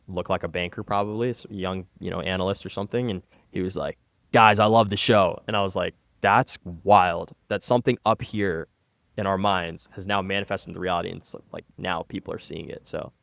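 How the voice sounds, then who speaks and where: A man's voice: low voice, fast, vocal fry, few pauses, no echo. A man co-hosting a podcast in casual, hyped-up chat. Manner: hype, lively storytelling. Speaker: podcast co-host.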